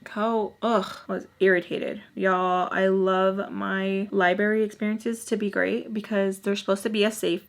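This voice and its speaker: A young woman telling a casual storytime vlog, animated and profane, acting out quotes in other voices. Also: medium pitch. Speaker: storytime vlogger.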